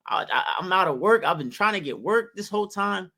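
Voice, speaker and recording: A man's voice: high-pitched, lively intonation, fairly quick, creaky, sharp tone, exaggerated voice. A man voicing a broke young man who keeps begging a relative for money, pleading and slangy. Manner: pleading, slangy, repeats "bro".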